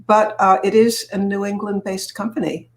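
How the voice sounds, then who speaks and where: A woman's voice: mid-range voice, little pitch movement, normal speed. A woman from Massachusetts, an author and speaker, guesting on an interview and telling stories conversationally. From Massachusetts, USA. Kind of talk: conversational storytelling.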